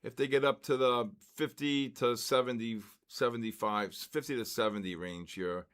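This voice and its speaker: A man's voice: medium pitch, normal speed, fairly bright tone, smooth. An older man from the Bronx, hosting a live trading stream and chatting casually with viewers between market calls. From the Bronx, New York.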